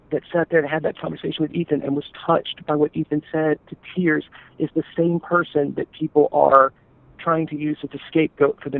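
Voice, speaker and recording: A man telling his family's story in an interview, earnest and halting, often restarting his sentences. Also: on the high side, gravelly, no echo. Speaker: interview guest, stepfather. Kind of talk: emotional personal account. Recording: tinny phone-like call audio.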